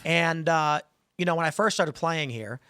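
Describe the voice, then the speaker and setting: A man hosting a podcast, telling stories in an animated way and acting out the voices in them. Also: a little high, moderate pace, clear, resonant tone, no room sound, clean studio sound. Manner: animated storyteller, acts out quoted voices. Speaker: podcast host. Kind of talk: casual talk-show chat.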